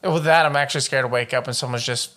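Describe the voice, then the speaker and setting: Bright-voiced man reading a true-crime case. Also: medium pitch, fast. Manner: profane and joking, wanders off into riffs. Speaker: podcast co-host.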